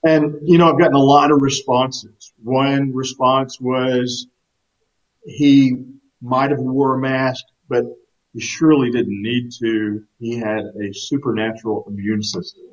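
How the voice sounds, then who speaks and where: A man's voice: mid-range voice, flat delivery, unhurried. Earnest male preacher with a slightly dull sound. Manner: earnest, emphatic, repeats words when starting phrases. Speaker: pastor. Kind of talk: sermon.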